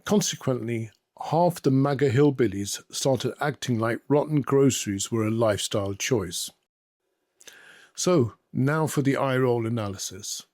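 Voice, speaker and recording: A man's voice: medium pitch, a little slow, no room sound. Sarcastic male host, dry close sound. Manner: sarcastic, deadpan delivery with hesitations. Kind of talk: satirical commentary.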